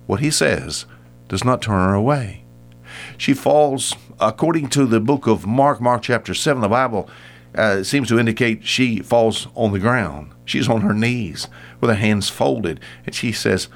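An older man gives a folksy radio Bible talk at an average pitch. He speaks in a homespun, lively way and acts out the voices of the people in the story. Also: unhurried.

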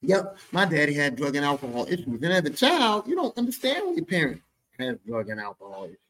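A man telling a story about his father on his podcast in a casual, profane, animated way. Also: on the high side, fast talker. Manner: animated, profane, jumps into quoted voices. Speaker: podcast host.

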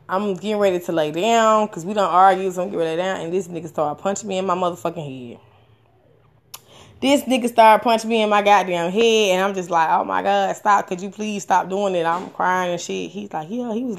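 A woman in her thirties telling a personal story candidly and frankly, swearing often, with many fillers and restarts. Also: moderate pace. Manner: animated, with sudden rises in pitch and loudness. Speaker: storyteller sharing a personal experience.

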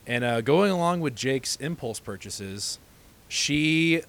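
A young man with a plain, mid-range voice tells a long story on a casual podcast. He rambles, filling his pauses with "uh" and "um". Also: medium pitch, fairly bright tone. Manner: rambling, many "uh"s while telling a long story. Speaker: podcast co-host.

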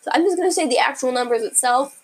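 A woman's voice: sits high, fast, breathy edge, rough recording. Giggly young woman reading pet tweets. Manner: giggly, chatty, many fillers and restarts. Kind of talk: casual chat reading tweets aloud.

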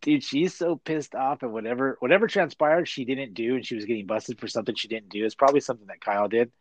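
A middle-aged man spins animated stories in an easy, conversational way, peppering his talk with "dude". His voice is pitched in the middle and sounds close and dry, with no room echo. He comes across as relaxed chat over a video call. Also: quick pace. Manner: animated storyteller, says "dude" a lot. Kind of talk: casual chat.

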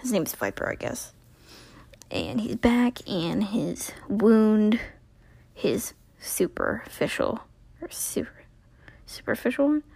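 A woman's voice: mid-range voice, animated, slow pace, creaky, pauses often, a little mellow, husky, dry recording, whispered. A young woman recapping a TV episode in a casual, rambling way, full of "like" and acted-out character lines, sounding tired.

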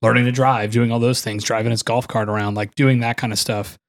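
A man co-hosting a podcast chats casually, telling loose stories full of swearing and laughter. He speaks briskly in a mid-range voice with a level tone.

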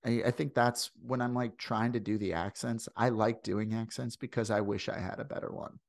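A man with a Midwestern American accent hosts a podcast in a loose, digressive way, full of fillers. His voice sits low with a gravelly edge. The sound is dry and close. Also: steady tone, normal speed, no room sound. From St. Louis, USA. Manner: rambling, digressive, many fillers. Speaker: podcast host. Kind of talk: casual podcast chat. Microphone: video call.

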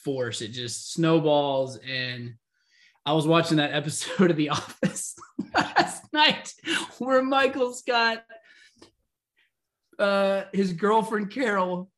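A man's voice: high-pitched, takes it slowly. A man co-hosting a podcast, telling stories in casual chat and acting out quoted lines with laughter. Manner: animated storyteller, acts out quotes with laughs. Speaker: podcast co-host.

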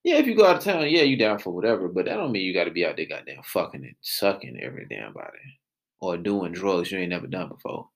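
A man's voice: deep voice, sing-song, fast talker, vocal fry. A man, telling a profane story as a podcast host and losing his train of thought. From Atlanta, US South. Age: late 20s. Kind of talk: casual storytelling rant.

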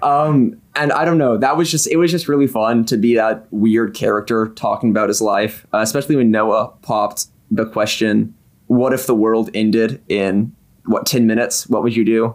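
A man on a casual podcast, an improv performer, telling stories in a relaxed way with lots of ums. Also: on the low side, moderate pace. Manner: relaxed storytelling with many fillers.

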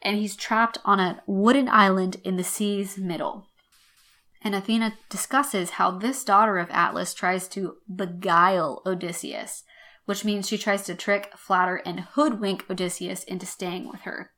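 A woman hosting a podcast lesson, explaining an old text in a wry, chatty way and slowing down to read quotations. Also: medium pitch, steady tone, sharp tone. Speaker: podcast host teaching literature.

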